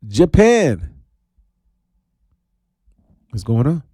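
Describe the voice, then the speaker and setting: Male DJ host, animated and playful, warm low timbre, stretches words into high calls. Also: no echo, studio quality. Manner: animated, playful, swoops into high drawn-out shouts. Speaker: radio DJ host. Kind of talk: casual radio talk show. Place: radio studio.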